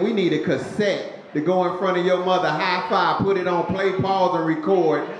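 A man's voice: high voice, echoey room, noisy background. A male stand-up comedian telling stories to a crowd with a punchy, storytelling delivery. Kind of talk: stand-up routine.

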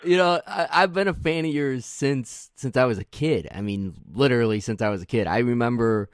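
A man's voice: mid-range voice, fairly quick, dry recording, clean studio sound. A man hosting a casual interview, laughing easily as he talks about having been a fan since childhood. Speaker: podcast host.

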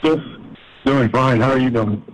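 A man's voice: mid-range voice, moderate pace, poor audio. A man calling in to a radio show, talking casually. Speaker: caller. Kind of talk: phone-in call.

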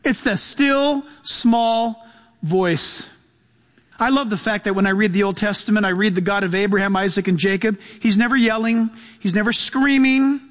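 A male pastor preaching a sermon, animated, acting out voices and dropping to a hush for emphasis. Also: high voice, moderate pace, big-room sound.

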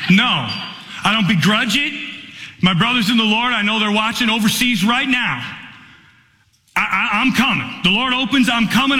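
Impassioned male pastor in an echoey hall. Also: a little high. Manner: impassioned, swinging from quiet to shouting. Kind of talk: sermon.

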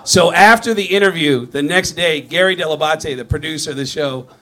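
A man telling a comic story on stage, animated and swearing, laughing through his lines. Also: a little high, brisk. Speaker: stand-up comedian. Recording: live show with audience crowd.

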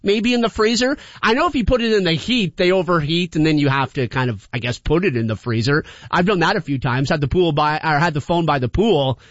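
A male radio host talks in a loose, rambling way with a high voice, laughing now and then. The sound is dry and a bit dull, like a broadcast. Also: a little fast, few pauses, fairly bright tone, dry recording. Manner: chatty and rambling, laughs often. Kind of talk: casual call-in radio chat.

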